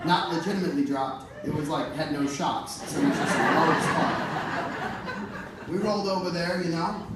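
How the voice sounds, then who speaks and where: Profane, animated male storyteller on stage. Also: a little high. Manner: animated, profane, playful, talks straight to the audience. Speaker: musician telling stories on stage. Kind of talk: comedic live storytelling. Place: live music venue, on stage. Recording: echoey venue, distant mic, audience noise.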